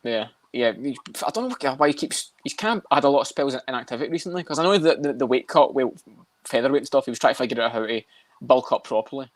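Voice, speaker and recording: A man's voice: medium pitch, lively intonation, dry recording. A man co-hosting a podcast, chatting casually and bluntly about fights with plenty of swearing. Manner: rapid, swears a lot, blunt. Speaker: podcast co-host.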